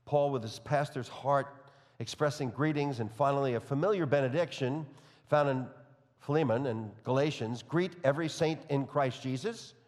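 Male preacher, faint New York accent, animated when excited, in a reverberant hall. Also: mid-range voice. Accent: New York, slight. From New York area. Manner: enthusiastic, speeds up when excited, reads scripture aloud. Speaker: pastor. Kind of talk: expository sermon.

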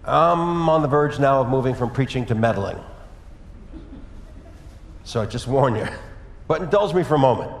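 A man preaching a sermon as pastor, telling a personal story in a conversational way with lively asides. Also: mid-range voice, normal speed, long pauses. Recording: echoey hall with long reverb.

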